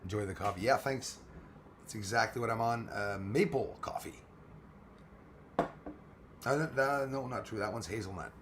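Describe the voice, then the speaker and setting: A man with a hoarse, failing voice hosting a casual live stream, speaking quietly as he greets viewers. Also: normal speed, pauses often, noisy background. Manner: speaks quietly and keeps it low. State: hoarse, losing his voice.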